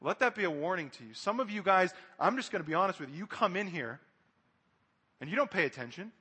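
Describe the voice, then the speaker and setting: Male preacher with a high voice, earnest and straight-talking to the church, reverberant hall. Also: lively intonation, fast talker, pushed and bright, breathy edge. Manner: earnest, direct, addresses the congregation. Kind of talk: sermon.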